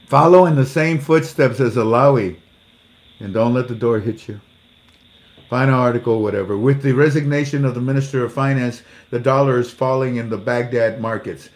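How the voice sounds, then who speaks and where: A man's voice: medium pitch, normal speed. A man reading news articles aloud and mocking them with sarcastic jokes and acted-out exchanges. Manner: sarcastic, jokey, acts out little dialogues; laughs at his own jokes. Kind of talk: casual commentary.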